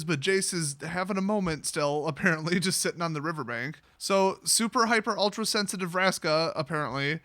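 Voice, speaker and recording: A man's voice: high-pitched, normal speed, hardly any pauses, pushed and bright, no room sound. A young man hosting a casual, sarcastic recap of a fantasy story, mocking it in slang-heavy talk. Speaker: YouTube host.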